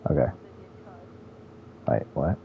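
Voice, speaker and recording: A military veteran streaming a video game, rambling and thinking aloud with lots of fillers in casual let's-play commentary. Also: male voice, takes it slowly, narrow, tinny audio, slight background noise.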